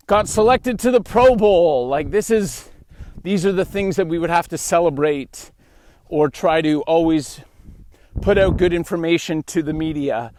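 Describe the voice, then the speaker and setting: Young Canadian man, podcast host, storytelling monologue, lively, higher-pitched read. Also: no room sound. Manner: animated, acts out quoted dialogue.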